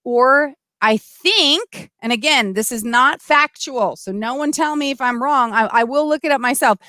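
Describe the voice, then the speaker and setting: A middle-aged woman hosting a casual livestream, chatty and animated, full of asides and restarts. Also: high-pitched, moderate pace, no room sound. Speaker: livestream host. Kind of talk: casual livestream talk, reading comments.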